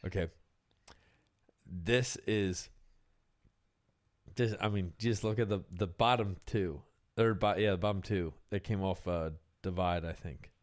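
A man's voice: deep voice, measured pace, pauses often. A young man hosting a casual podcast chat about music, loose and profane, often trailing off and restarting.

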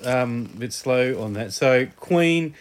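Man, 40s, podcast host, relaxed chat, mid-pitched voice, lots of ums. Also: slow, slight background noise. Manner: easygoing, thinks aloud with frequent ums.

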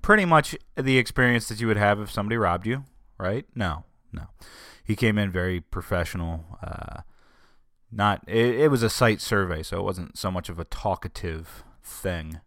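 A man's voice: on the low side, moderate pace, a bit bright, no echo, studio quality. A man hosting his own podcast, talking casually and rambling, griping about his week with wry humor. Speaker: podcast host. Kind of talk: casual solo podcast talk.

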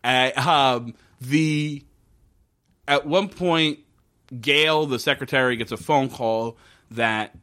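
A man casually recapping a TV episode with a co-host, animated and profane, acting out the characters' lines. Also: medium pitch, slow, clean tone. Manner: profane, wry. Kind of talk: casual chat.

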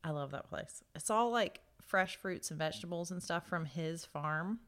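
A woman's voice: on the low side, moderate pace, a bit bright. A woman co-hosting a podcast, telling funny stories in casual chat and acting out what others said. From American South. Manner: storytelling, acts out dialogue, laughs often. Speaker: podcast co-host.

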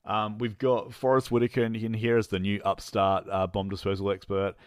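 A man co-hosting a casual movie chat, telling the plot in a halting, rambling way with lots of fillers and restarts, laughing at his own jokes. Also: fairly low pitch, level tone, no room sound, clean studio sound. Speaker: podcast co-host reviewing movies.

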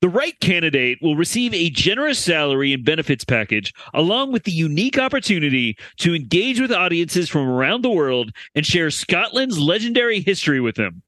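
Bright, lively male podcast host. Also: fairly high pitch, a little fast, few pauses, no room sound. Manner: animated, reads quotes from an article. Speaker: podcast co-host reading the news story. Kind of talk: casual comedic chat.

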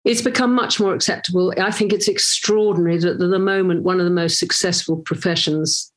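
A woman in her sixties, an actress, chatting in an interview and telling lively anecdotes with many restarts. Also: fairly low pitch, brisk. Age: 60s. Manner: lively storyteller, acts out quoted voices, many restarts. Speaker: actress, guest. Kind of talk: casual conversation, anecdotes.

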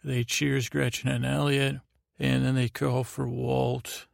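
A man's voice: mid-range voice, level tone, takes it slowly, creaky, no room sound, studio quality. A man hosting a sleep podcast, rambling through a show recap in a meandering, self-deprecating way. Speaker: podcast host.

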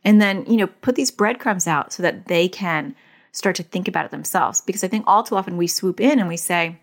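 A woman with a medium-pitched, brisk voice gives casual advice in a monologue. She's a therapist and a parent, and she talks earnestly and chattily, dropping in plenty of "like" fillers.

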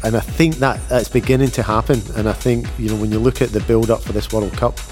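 A man speaking as a football coach in an interview clip, measured and thoughtful. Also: on the low side, fairly even intonation, a little mellow, soft background music. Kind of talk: interview answer.

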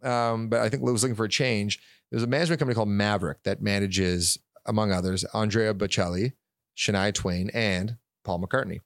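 Man, podcast co-host, gravelly fry, dry close sound, rambling chatty stories. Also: lowish voice, brisk, no room sound. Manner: rambling, animated anecdotes with many fillers. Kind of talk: casual storytelling chat.

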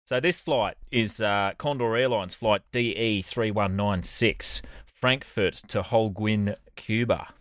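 A podcast co-host with an Australian accent tells a story with dry, sardonic humour and casual swearing in a comedic chat. His voice is on the low side and a bit bright, his pace slow, and the recording dry.

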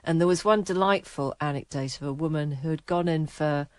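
Co-host, middle-aged woman, low pitched, teasing banter, reads emails aloud, dry studio sound. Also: fairly quick, a little mellow, dry recording. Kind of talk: casual chat, reading listener emails.

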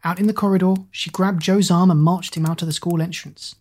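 A woman narrating a storybook in an even, measured reading voice. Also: on the low side.

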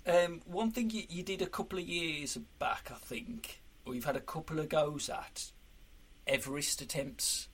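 Man, podcast host, slightly raspy voice, relaxed and agreeable, casual chat. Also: a little high, moderate pace. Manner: easygoing, agreeable interviewer.

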